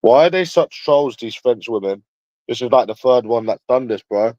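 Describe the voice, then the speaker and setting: A man's voice: medium pitch, animated, normal speed, a little mellow, no room sound. Crude rambling man with a London accent. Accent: London English. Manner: crude, rambling, swears freely. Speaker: livestreamer. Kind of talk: casual monologue to viewers. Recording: dull lo-fi dry sound.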